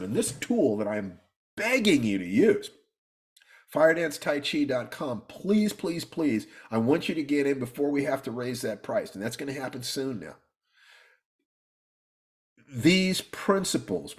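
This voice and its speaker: A middle-aged man teaching his students in an earnest motivational talk, often repeating himself and pleading with them. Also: fairly high pitch.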